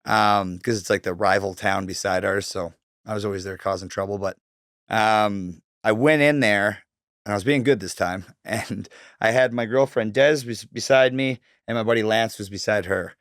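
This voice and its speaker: A man's voice: fairly low pitch, moderate pace, fairly bright tone, no echo, studio quality. A man from Canada in his thirties, talking casually as a guest, swearing often and filling his speech with likes and ums. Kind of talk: casual storytelling interview.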